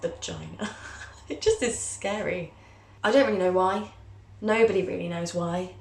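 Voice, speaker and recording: A young woman, in her twenties, talks straight to camera in a casual, open way. She is candid and self-mocking, with a playful flair for drama. Her voice sits a little low, and the recording is roomy, with noticeable echo. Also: fairly even intonation, moderate pace. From England. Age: 20s. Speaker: vlogger, journalism student. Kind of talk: casual personal storytelling to camera. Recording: roomy, echoey sound.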